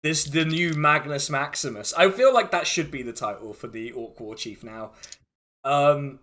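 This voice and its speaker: A man's voice: fairly high pitch, normal speed, pushed and bright. A man narrating a tabletop game as game master, in an amused, rambling way with frequent restarts.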